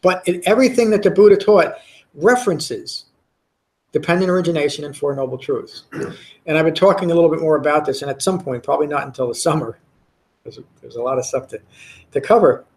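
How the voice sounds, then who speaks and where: A man's voice: a little high, brisk, darkish tone. Earnest male meditation teacher. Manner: earnest, emphatic, repeats words and restarts phrases. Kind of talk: Dhamma talk to a class. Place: meditation center.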